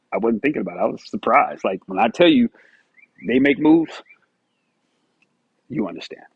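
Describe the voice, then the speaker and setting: A man giving a casual motivational monologue, animated and storytelling, acting out his own past dialogue. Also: mid-range voice, moderate pace, long pauses, slightly rough, no echo, dull audio. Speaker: motivational vlogger.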